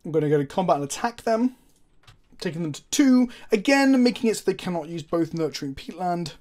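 A man's voice: high-pitched, expressive, a little fast, darkish tone. A man commenting on his own card game as he plays, thinking aloud, asking the viewers questions and swearing now and then. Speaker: host, gameplay commentator.

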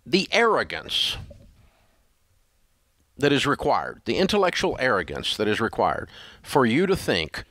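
A man's voice: mid-range voice, huge pitch swings, unhurried, pauses often, a bit bright, no echo. A male radio host giving blunt money advice in an emphatic, scolding, repetitive way. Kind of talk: blunt call-in advice talk.

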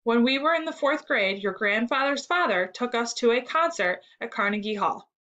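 A woman reading the lines of a patient adult male musician who explains clearly. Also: fairly high pitch, lively intonation, normal speed, sharp tone, dull audio. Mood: explaining.

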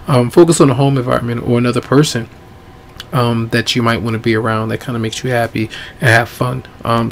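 A man giving a casual tarot reading, easygoing and rambling, his voice going hoarse. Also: mid-range voice, a little hiss or hum. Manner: easygoing, rambling with many ums. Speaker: tarot reader.

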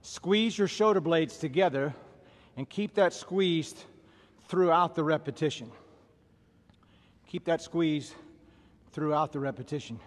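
A man's voice: a little high, measured pace, pauses often, big-room sound. Southern man calling drill cadence. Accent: Southern American. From American South. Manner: drill-style commands, counting cadence. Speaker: fitness instructor. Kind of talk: workout instruction.

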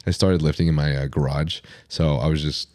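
A man's voice: very deep voice, steady tone, brisk, a little mellow. A young man hosting a podcast in a laid-back, casual way and reading out listener questions. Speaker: podcast host.

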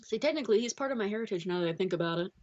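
Co-host: woman, mid-pitched, chatty and teasing, slightly dull muffled recording. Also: lively intonation, rapid-fire, darkish tone. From Scotland. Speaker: co-host and friend. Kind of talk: casual chat.

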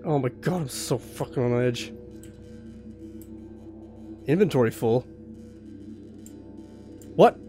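A man's voice: mid-range voice, slow pace, long pauses, mellow, faint music behind. A young man playing a horror game blind, jumpy and swearing, laughing nervously as he talks through the scares. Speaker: let's play host.

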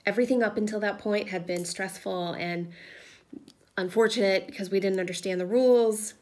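Woman, 30s, crafting vlogger at home, relaxed chatty storyteller, filler-heavy. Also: mid-range voice, normal speed. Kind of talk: casual chat while crafting. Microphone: camera propped on a table.

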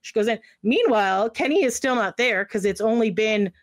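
A woman's voice: fairly high pitch, lively intonation, normal speed, no echo, studio quality. A woman co-hosting a podcast, telling a long casual story that rambles, full of "like" and acted-out quotes. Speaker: podcast co-host.

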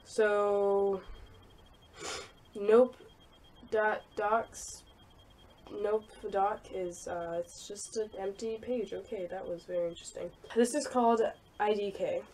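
A woman's voice: medium pitch, fairly even intonation, slow pace, darkish tone, a little hiss or hum. A young woman chats casually to her viewers, rambling from one thought to the next and laughing at herself. Her voice sits mid-range and easy. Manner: rambling, self-deprecating, giggly. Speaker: YouTuber. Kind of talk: casual vlog commentary.

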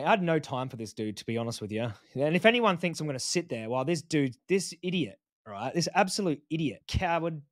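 A man talks through a debate clip in casual reaction commentary, blunt, mocking and animated. His voice sits a little high. The recording is dry and close, with no room sound. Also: fast, few pauses, no echo. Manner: blunt, mocking, animated, says "mate" often. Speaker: vegan activist commentator.

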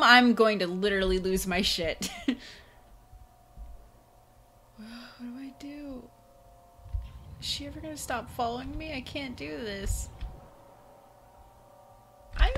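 A woman's voice: on the high side, very animated, takes it slowly, long pauses, a little hiss or hum. A woman commenting on a game as she plays it, jumpy and profane, breaking into laughter often. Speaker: let's play gamer. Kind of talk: live gameplay commentary.

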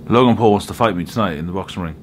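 A man in his twenties with a Welsh accent, vlogging from a hotel room, swinging from loud shouting to mumbled asides. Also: low voice, rapid-fire, a little hiss or hum. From Wales. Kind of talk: comedic vlog monologue.

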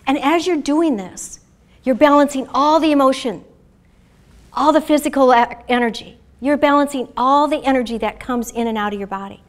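A middle-aged woman, founder of a self-care method, calmly guides listeners through exercises and tells stories with enthusiasm. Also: high-pitched, normal speed. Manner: calm, guiding, enthusiastic. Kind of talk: guided instruction and storytelling.

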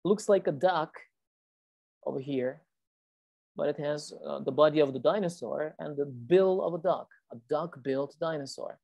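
A woman's voice: low voice, normal speed, creaky, dark tone, no room sound. A woman teacher reading a storybook aloud to children on a video call and patiently explaining the words.

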